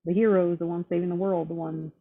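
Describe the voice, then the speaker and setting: A woman's voice: lowish voice, level tone, fast talker. A woman in casual chat, talking bluntly and with heavy profanity, fired up and determined. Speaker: roundtable guest. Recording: tinny phone-line audio.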